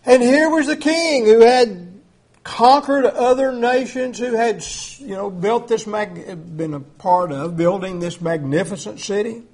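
High-pitched male preacher. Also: a little slow, darkish tone. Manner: conversational, emphatic, with filler words. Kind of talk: sermon.

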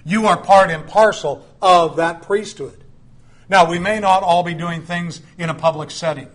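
A middle-aged man delivers a sermon in an easygoing, chatty manner. He drifts into personal stories and side remarks to his listeners. His voice sits a little higher than most men's. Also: normal speed. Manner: conversational storytelling with asides. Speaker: preacher.

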